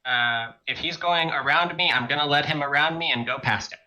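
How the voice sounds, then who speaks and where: A man's voice: a little high, brisk, pushed and bright, highs cut off. A man playing a tabletop game, talking casually and decisively, taking charge. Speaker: player. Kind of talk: in-character tabletop game talk.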